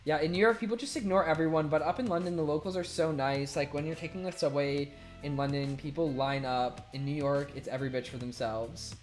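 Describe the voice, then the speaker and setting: A young streamer with a fairly high voice talks a little fast, with few pauses, as he reads out viewer messages and chats. He laughs often, curses freely, and goes from loud to mumbling, with faint music behind him.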